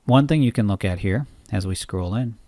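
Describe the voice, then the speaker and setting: A man's voice: fairly low pitch, normal speed, dark tone, no room sound. A man coaching trading in an unscripted screen-share tutorial, rambling and interrupting himself, often checking in with "right?". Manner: rambling, self-interrupting, asks listeners "right?".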